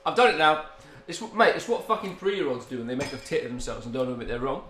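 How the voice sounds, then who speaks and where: A man's voice: medium pitch, lively intonation, fast talker, a bit bright. A man who co-hosts a podcast. He talks casually and teases his co-host, sometimes mumbling while he eats and breaking into laughter. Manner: teasing, mumbling while eating, bursts of laughter. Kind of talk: casual chat. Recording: echoey room with faint hiss.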